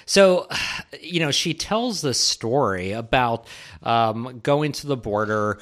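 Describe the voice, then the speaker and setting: A man co-hosting a casual political talk show, speaking in animated, emphatic bursts. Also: medium pitch, slow. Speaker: political commentary co-host.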